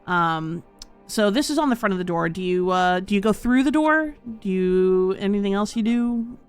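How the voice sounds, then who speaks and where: A woman's voice: medium pitch, lively intonation, normal speed, clean tone, soft background music. A woman game master narrating a tabletop game in a chatty way, with lots of "um" and "uh". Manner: chatty, many "um"s and "uh"s.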